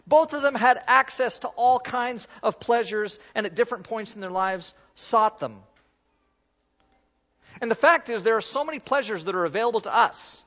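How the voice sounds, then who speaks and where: Male pastor, high-pitched, casual demo-style preaching; muffled recording in a big echoing hall. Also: fairly bright tone. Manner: conversational, self-deprecating, demonstrates while talking. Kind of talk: sermon with a live object lesson. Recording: dull sound in a reverberant hall.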